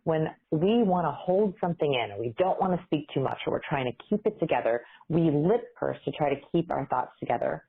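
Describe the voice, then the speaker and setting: Low, husky woman guest, animated explainer, heard over a tinny phone-like remote line. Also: brisk, few pauses. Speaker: interview guest, behavior researcher.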